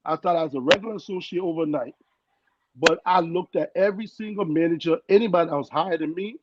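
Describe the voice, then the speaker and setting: A young man with a foreign accent tells his story on a podcast, earnest and animated, acting out the people he quotes. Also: on the high side, fast talker. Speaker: guest. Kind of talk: casual storytelling. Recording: dull lo-fi sound with loud noise.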